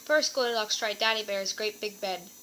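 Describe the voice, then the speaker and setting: A woman reading a children's story aloud in an animated, expressive way. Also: medium pitch, moderate pace, a little hiss or hum, poor audio.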